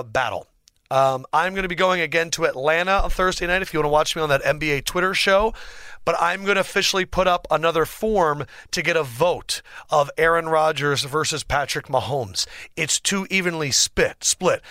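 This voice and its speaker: A young man hosting a sports podcast as a lively solo monologue, theatrical and excitable, swinging between big outbursts and mock gloom. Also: on the high side, no room sound. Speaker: podcast host. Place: podcast studio.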